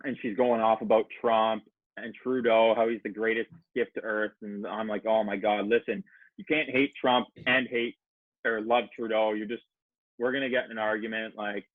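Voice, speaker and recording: A man's voice: lowish voice, little pitch movement, moderate pace. A man rambling through a wild anecdote, swearing freely and acting out both sides of each exchange. His voice comes through thin and phone-like, with a close, dry sound and no room echo. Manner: profane, rambling anecdote with acted-out quotes. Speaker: podcast guest. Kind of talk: casual storytelling chat.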